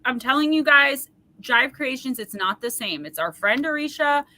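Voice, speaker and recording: Woman, livestream host, oracle card reading, chatty, rambling, bright tone. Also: sits high, normal speed, no room sound. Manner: chatty, rambling, warm-hearted asides to viewers.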